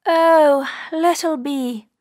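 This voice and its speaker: A woman's voice: high voice, very slow, a little mellow, no echo, studio quality. A woman voicing a small frightened young rabbit that begs for help in a pleading voice. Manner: pleading, breathless begging. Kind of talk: audiobook reading for learners.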